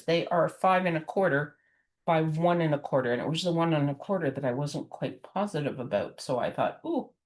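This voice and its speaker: A woman giving a rambling, friendly card-making tutorial, full of fillers and chuckles. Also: fairly low pitch. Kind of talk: chatty craft tutorial.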